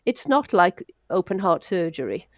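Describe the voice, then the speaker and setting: A woman's voice: lowish voice, big pitch swings, normal speed, no room sound, studio quality. Chatty older woman, laughing often. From Wales. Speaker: doctor, guest. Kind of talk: casual storytelling interview.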